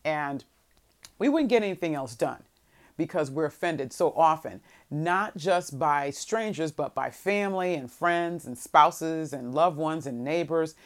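Low-voiced woman preaching a sermon. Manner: expressive preaching, swings between soft and emphatic; reads scripture in a slow, measured voice.

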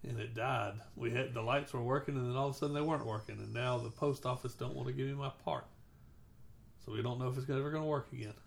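A woman's voice: rumbling low, fairly even intonation, fast, creaky. A woman co-hosting a casual podcast chat, explaining things step by step. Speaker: podcast co-host.

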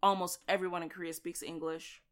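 A woman's voice: on the low side, flat delivery, fairly quick, fairly bright tone. A woman in casual podcast chat, explaining things in a chatty, emphatic way.

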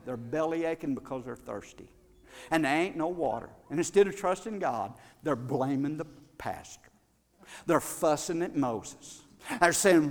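A man preaching a sermon as pastor, swinging between loud bursts and quiet asides. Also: on the high side. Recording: long reverb of a large hall.

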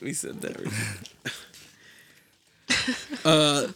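A man hosting a casual group chat, animated, joking and swearing freely. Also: fairly high pitch, moderate pace, a little hiss or hum. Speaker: podcast host.

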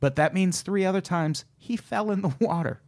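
A man's voice: high voice, normal speed, darkish tone. A man, a comedian guest, chatting casually with a wry, swearing manner and telling anecdotes. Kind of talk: casual chat.

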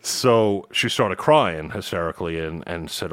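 Casual male podcast host from Long Island, very low voice, dry close sound. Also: animated, a little slow, few pauses, no echo. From New York, Long Island. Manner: laid-back storytelling, laughs easily. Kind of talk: casual chat.

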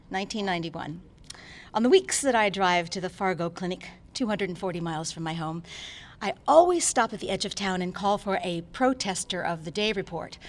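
An actress performing a dramatic stage reading as a frightened, defiant woman doctor under attack, moving from hushed dread to bursts of screaming. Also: fairly low pitch, natural voice. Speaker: actor performing a diary monologue.

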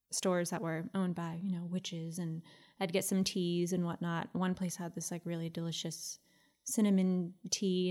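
A woman with a fairly low voice co-hosts a podcast in a relaxed, chatty way. She tells stories at an easy pace and laughs often. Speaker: podcast co-host. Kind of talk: casual chat.

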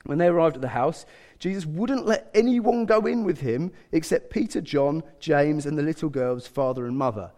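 Preacher in an echoing church hall. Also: male voice, fairly high pitch, moderate pace. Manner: animated, conversational, acts out quotes with humour. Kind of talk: sermon. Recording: long hall reverb.

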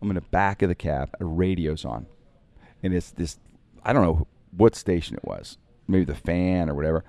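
A man spins animated anecdotes from his broadcasting days, slipping into other people's voices as he goes. His voice sits low and mellow. The sound is dry and close. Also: normal speed, gravelly, dry recording. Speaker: radio broadcaster telling stories. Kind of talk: casual storytelling on a podcast.

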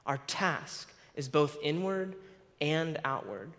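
A man's voice: fairly high pitch, animated, slow, fairly bright tone. A man preaching a sermon who stumbles over his words and laughs at himself. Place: church sanctuary. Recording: long hall reverb.

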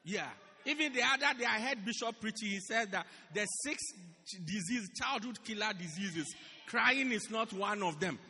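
A pastor preaching a sermon in a church, animated and repeating his phrases for emphasis. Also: high-pitched, normal speed. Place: church hall. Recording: echoey church hall.

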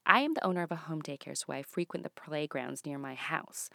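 A woman's voice: sits low, brisk, gravelly, dry recording. Dry-voiced woman doing stand-up. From Canada. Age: 30s. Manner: swings from hushed asides to loud exclamations. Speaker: stand-up comedian. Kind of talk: stand-up comedy monologue.

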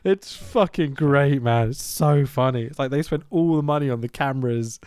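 A man's voice: mid-range voice, moderate pace, darkish tone, clear, resonant tone, dry recording, clean studio sound. A man hosting a casual podcast, swearing often and laughing as he talks. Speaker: podcast host. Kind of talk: casual chat.

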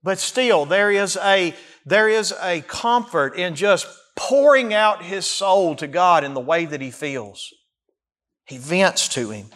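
High-voiced preacher guy, gets loud then drops way down, acting out the psalm. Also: lively intonation, slow pace. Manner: impassioned, rising to near-shouts and dropping low; acts out the psalmist's cries in first person. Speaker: pastor. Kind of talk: sermon.

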